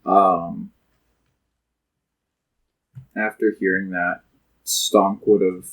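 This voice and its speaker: A man playing in a tabletop game, describing what his character does in a laid-back, deadpan way. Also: sits low, vocal fry, husky, poor audio. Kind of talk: casual game chat, in-character play.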